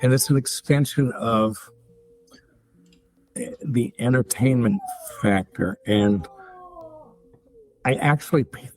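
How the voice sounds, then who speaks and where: A man's voice: medium pitch, takes it slowly, pauses often, a little mellow. Rambling older man telling stories. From United States. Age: 70s. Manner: rambling storyteller with many restarts and fillers. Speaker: guest actor. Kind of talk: casual interview chat.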